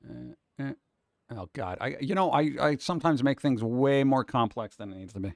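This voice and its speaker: Here a man with a mid-range voice, big pitch swings, and some vocal fry streams his art at a moderate pace. He rambles and chats with viewers as he goes, offering hands-on, step-by-step guidance, recorded cleanly in a studio with no room sound.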